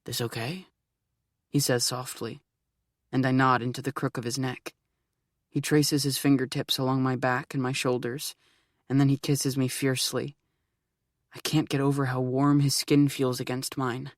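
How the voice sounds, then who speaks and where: A man's voice: mid-range voice, little pitch movement, normal speed, no room sound, clean studio sound. A man narrating an audiobook in first person, earnest and at times nervously rambling. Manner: earnest, rising into anxious rambling.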